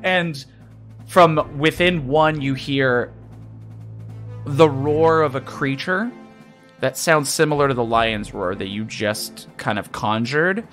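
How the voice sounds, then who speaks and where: A man's voice: mid-range voice, slow, fairly bright tone. A man narrating a tabletop game as dungeon master, chatty and loose, with plenty of fillers. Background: faint music.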